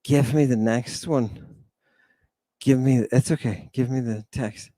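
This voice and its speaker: A man's voice: mid-range voice, takes it slowly, dry recording. A man lecturing on scripture in an impassioned, preacherly way, sighing often, with sarcastic asides, and forever asking his listeners "right?". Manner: animated, preacherly, keeps addressing listeners as "people" and asking "right?". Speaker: host.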